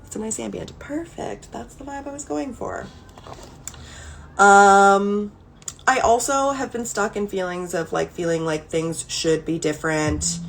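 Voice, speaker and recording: A woman in her thirties chatting candidly on a live stream as she reads through a therapy workbook, swearing freely and wandering off on digressions. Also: on the low side. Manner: candid, swearing, quick digressions with laughing asides. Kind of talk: casual live-stream chat. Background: faint ambient music.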